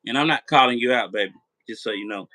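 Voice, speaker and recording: This late-night live stream host talks fast in a bright, forceful medium-pitched voice, speaking straight to his audience. Profane and repetitive, he rambles on; the recording is rough and dry, with no room sound.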